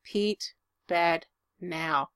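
A woman voicing a calm young man who reassures his friend in a steady, blunt, teasing way. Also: lowish voice, drawn-out words, clear, resonant tone, no echo, studio quality, voice pushed down, exaggerated voice. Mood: reassuring.

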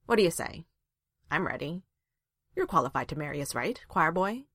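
A woman's voice: low-pitched, very animated, moderate pace, a bit bright, no echo, clean studio sound, exaggerated voice. A woman reading a fan story aloud, voicing a wisecracking male dwarf in a wry, teasing manner. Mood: playful.

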